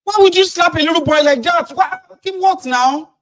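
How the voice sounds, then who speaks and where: Man putting on scolding bystanders, shrill, high, loud, reproachful. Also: moderate pace.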